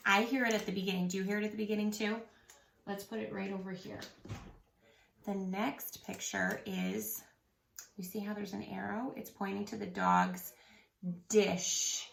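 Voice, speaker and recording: A woman's voice: medium pitch, gravelly, fairly bright tone, echoey room, a little hiss or hum. A woman teaching a phonics lesson to young children, patiently stretching out each word. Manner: slow, patient, drawn-out sounding of words.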